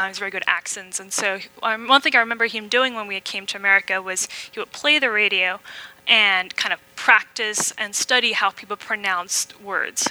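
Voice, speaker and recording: A woman's voice: medium pitch, pushed and bright, poor audio. A young adult woman from Malaysia, giving a candid, conversational sermon with frequent ums. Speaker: preacher. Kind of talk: personal sermon with slides.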